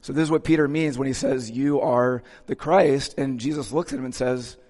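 A man's voice: medium pitch, steady tone, quick pace, a little mellow, in a large hall. A male pastor giving a conversational sermon in a church, casually checking in with his listeners as he goes.

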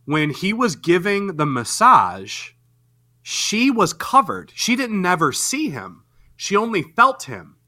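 A man's voice: high-pitched, huge pitch swings, slow pace, pushed and bright. A man co-hosting a casual movie review chat, ranting with profane incredulity about plot holes. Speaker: podcast co-host.

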